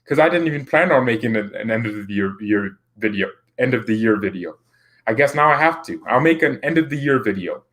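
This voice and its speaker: A man's voice: mid-range voice, expressive, fairly quick, fairly bright tone. A man hosting a football channel, chatting casually as he reads viewer comments, rambling and laughing often.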